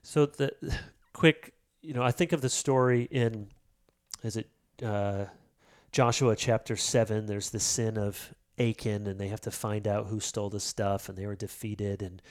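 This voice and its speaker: A man's voice: fairly low pitch, unhurried. A middle-aged man, a pastor and author, speaking earnestly as an interview guest and acting out quotes as he tells stories. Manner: earnest, animated storytelling with acted-out quotes. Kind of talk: casual interview conversation.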